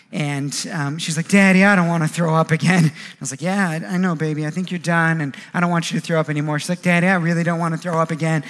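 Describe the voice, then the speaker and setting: A man in his thirties preaching a sermon, animated, acting out quoted voices and often repeating words as he goes. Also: on the high side. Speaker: pastor.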